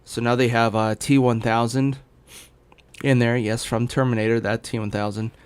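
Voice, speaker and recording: A young man streaming games from home, talking in a loose, rambling way. He is hiccuping, fills his talk with ums and restarts, and his voice stays smooth and resonant at an ordinary middle pitch. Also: level tone, normal speed, a little mellow. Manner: rambling, full of fillers and restarts. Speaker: gaming streamer. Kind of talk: casual rambling chat. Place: home in Los Angeles.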